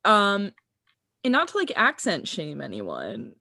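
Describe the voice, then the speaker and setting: A woman's voice: medium pitch, wildly swooping pitch, slow pace, creaky, bright, forceful tone, dry recording, studio quality. A young woman co-hosting a podcast in casual chat, giggling and filling her sentences with "like". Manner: giggly, lots of "like" fillers. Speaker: podcast co-host.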